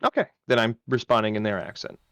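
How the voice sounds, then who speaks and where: A man's voice: fairly low pitch, big pitch swings, fast talker, clean tone, dry recording, studio quality. A man playing in a tabletop game, eagerly asking questions and working out tricks as he goes. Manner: eager, plans out loud with questions. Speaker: player. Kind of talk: casual tabletop play.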